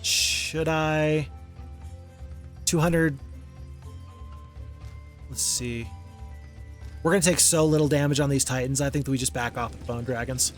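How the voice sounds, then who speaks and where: A man's voice: medium pitch, fairly even intonation, a little slow, long pauses, soft background music. A man giving casual gameplay commentary as a channel host, thinking aloud, counting under his breath and criticizing his own moves.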